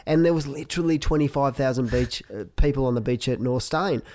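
A man's voice: mid-range voice, fairly quick, a little mellow. A man hosting a podcast interview, chatty and conversational as he shares his own commentating stories. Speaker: podcast host, surf commentator. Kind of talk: casual interview.

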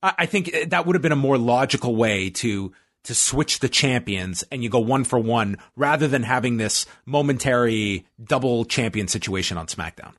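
A man's voice: mid-range voice, expressive, normal speed, a bit bright, no echo. Man recapping in a dry, close voice. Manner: recaps events step by step, dry asides. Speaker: podcast co-host recapping wrestling. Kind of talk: casual chat.

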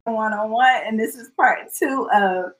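A woman co-hosting a podcast, chatting loosely and breaking into laughter as she goes. Her voice sits a little high. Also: a little slow, soft background music, poor audio. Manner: laughs a lot while talking. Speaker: podcast co-host. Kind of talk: casual chat.

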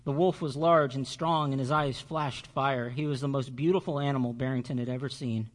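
A male pastor reading a children's story aloud during a sermon, expressive and measured. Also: medium pitch.

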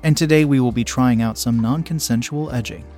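A man's voice: medium pitch, a little fast, darkish tone, faint music behind, lightly acted. A man voicing a domineering, playful young woman who coos and gives orders in an audiobook reading, keeping close to his own voice. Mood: teasing. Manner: cooing, commanding.

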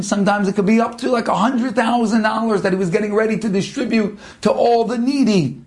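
A man giving a dramatic storytelling sermon with long pauses between phrases. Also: sits high.

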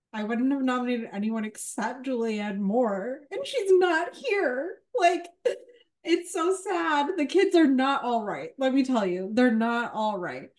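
A woman's voice: a little high, a little mellow. A woman on a casual film panel, chatty, with joking asides and lots of fillers.

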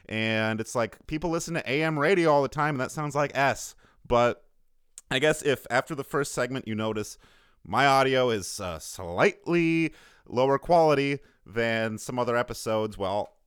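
A man co-hosting a podcast in casual, joking banter, heard through slightly lower-quality video call audio. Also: a bit bright, smooth, no echo, studio quality. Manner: joking, playful, laughs often. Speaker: podcast co-host.

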